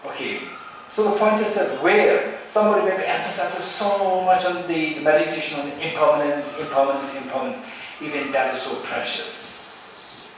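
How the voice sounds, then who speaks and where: A man's voice: on the high side, moderate pace. Male Buddhist teacher, Tibetan accent, keeps asking rhetorical questions, heard from a distance in a very echoey hall with faint hiss. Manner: repetitive, rhetorical questions with "right?". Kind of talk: Dharma teaching.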